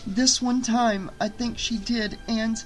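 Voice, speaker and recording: A man's voice: very high voice, steady tone, takes it slowly, faint music behind, voice pushed up, rough recording. A man reading an audiobook, voicing a frightened young woman who talks in an urgent, pleading way. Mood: urgent distressed.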